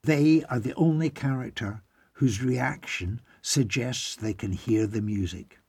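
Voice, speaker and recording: A man narrates an audiobook in a warm, mellow, slightly husky voice at a slow pace. His reading of asides is wry and measured, recorded close and dry. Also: medium pitch, dry recording. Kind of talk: scripted narration.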